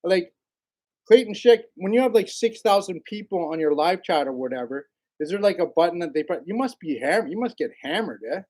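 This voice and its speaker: Chill guy on a livestream, fairly high voice, rambling and greeting chat. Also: lively intonation, fairly quick, darkish tone. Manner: laid-back, rambling, greets viewers by name, laughs often. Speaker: livestream host.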